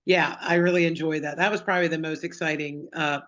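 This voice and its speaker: A woman's voice: low-pitched, fast. Chatty middle-aged woman, lo-fi line. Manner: chatty, lots of fillers, animated storytelling. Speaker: guest singer-songwriter. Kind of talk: casual interview chat.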